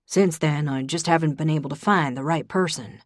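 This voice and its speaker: Woman narrator voicing a drawling young charmer, teasing, low and dry. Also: moderate pace, no room sound, lightly acted. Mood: earnest.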